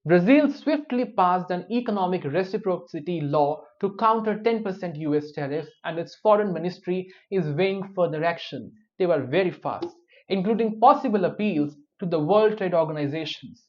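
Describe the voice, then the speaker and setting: A man's voice: sits high, animated, moderate pace. A man giving news commentary, dropping wry, opinionated personal asides between the reports. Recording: dull lo-fi recording.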